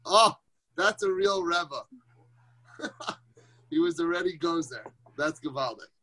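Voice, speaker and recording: A man's voice: a little high, expressive, slow pace, sharp tone. A man teaching Torah informally on a group phone call, conversational, asking rhetorical questions and mixing in Yiddish and Hebrew terms.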